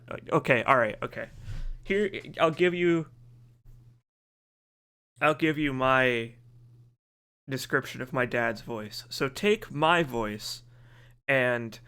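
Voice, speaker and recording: A man's voice: mid-range voice, pushed and bright. A man streaming a video game, chatting casually with his viewers, rambling and joking as he reacts to chat.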